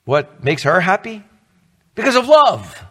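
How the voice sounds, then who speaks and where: A man's voice: high-pitched, big pitch swings, measured pace, a bit bright, husky, long reverb tail. A middle-aged man preaching a sermon as pastor, earnest and conversational, asking the congregation questions.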